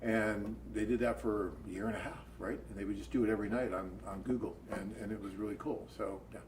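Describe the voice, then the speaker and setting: An American man co-hosting a live dating-agency Q&A, telling stories in an animated, chatty way. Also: fairly low pitch, fast, background noise. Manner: animated storyteller, chatty and upbeat. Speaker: co-host of a dating agency webcast. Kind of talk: casual live Q&A chat.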